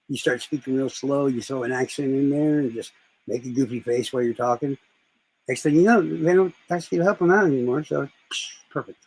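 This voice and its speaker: A man's voice: fairly high pitch, quick pace, low-quality recording. A man chatting casually on a live stream, rambling and swearing as he tells stories. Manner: rambling, profane storytelling.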